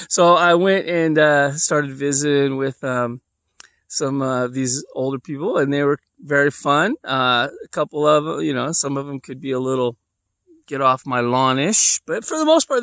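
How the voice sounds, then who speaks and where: A man's voice: medium pitch, moderate pace, fairly bright tone, smooth, no echo, clean studio sound. A man telling a personal story in a casual, rambling way, with lots of fillers and restarts. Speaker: vlogger.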